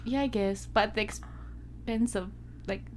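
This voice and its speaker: A woman's voice: mid-range voice, measured pace, a little hiss or hum. A woman co-hosting a casual movie podcast, talking in a laid-back way with joking asides. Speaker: podcast co-host. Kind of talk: casual chat.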